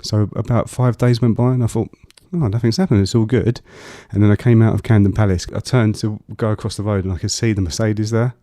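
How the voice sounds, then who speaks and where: A man telling a long personal story as an interview guest, halting with fillers and restarts. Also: fairly low pitch, steady tone, dark tone, dry recording, studio quality.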